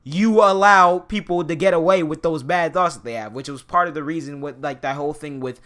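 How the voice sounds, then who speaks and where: A man's voice: a little high, brisk, a bit bright. A man streamer in casual chat, rambling with many fillers and restarts.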